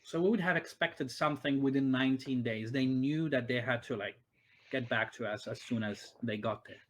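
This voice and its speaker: A man's voice: medium pitch, moderate pace. Hesitant man running a tabletop game. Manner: hesitant, many fillers and restarts. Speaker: game master. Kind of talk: narrating and voicing a tabletop game.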